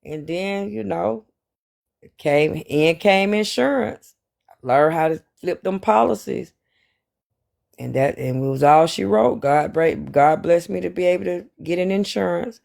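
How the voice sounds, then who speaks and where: A man, telling a personal story in casual, slangy, animated chat. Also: high voice, a little slow, vocal fry. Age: 40s.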